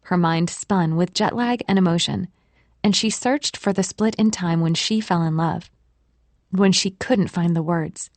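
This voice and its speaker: A woman narrating an audiobook in a gentle, measured manner. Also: fairly low pitch, dry recording. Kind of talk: scripted narration.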